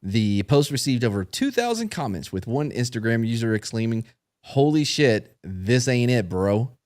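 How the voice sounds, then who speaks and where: A man's voice: medium pitch, big pitch swings, moderate pace, a little mellow. A man hosting a casual podcast, reading news stories aloud with joking asides. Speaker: podcast host.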